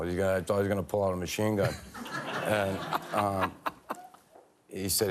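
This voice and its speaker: A man, a former hockey player telling candid stories in a TV studio interview, halting with many fillers and restarts. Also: low voice, fairly even intonation.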